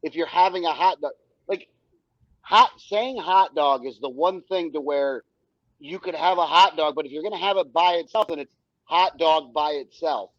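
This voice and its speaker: A man's voice: a little high, moderate pace, fairly bright tone, no echo, lo-fi sound. A male co-host chatting casually, often restarting and repeating words. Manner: hesitant, repeats words while agreeing. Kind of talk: casual chat.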